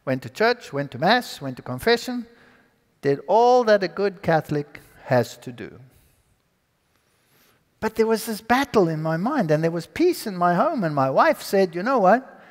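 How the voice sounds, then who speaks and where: High-voiced man telling a dramatic story. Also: normal speed. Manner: animated, dramatic storyteller who acts out dialogue. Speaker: speaker giving his testimony. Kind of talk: storytelling testimony to an audience. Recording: long hall reverb.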